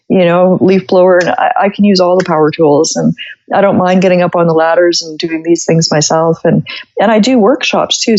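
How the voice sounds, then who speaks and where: A woman's voice: lowish voice, a little mellow, lo-fi sound. A woman from Canada, chatting as a podcast guest, telling jokey stories and laughing often. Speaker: podcast guest, musician and gardener. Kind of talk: casual interview chat.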